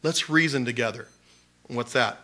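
A man's voice: mid-range voice, normal speed, bright, forceful tone. A man preaching a sermon in a conversational way, laughing often and acting out voices. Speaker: pastor. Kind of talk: sermon teaching.

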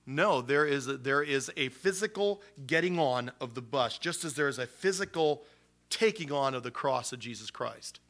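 A man preaching a sermon with a bright, forward voice. He keeps it animated and uses casual slang as he teaches. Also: medium pitch, normal speed. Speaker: pastor.

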